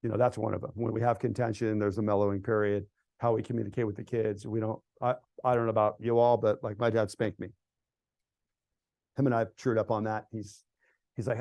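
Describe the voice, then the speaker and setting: A middle-aged American man speaking casually to a church group, telling stories that build to loud, animated outbursts. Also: lowish voice, fairly quick, creaky, dry recording. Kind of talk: casual storytelling talk to a group. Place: church hall event.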